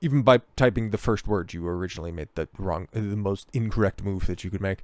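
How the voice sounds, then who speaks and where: Blunt, incredulous man with a smooth voice. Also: low voice, quick pace, few pauses, no echo. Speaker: commentator. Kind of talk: reaction commentary reading out messages.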